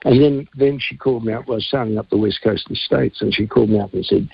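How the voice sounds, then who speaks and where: A man's voice: lowish voice, fast, creaky, few pauses, breathy edge, no room sound, lo-fi sound. A man, a singer-songwriter telling rambling, earthy stories in a casual radio interview.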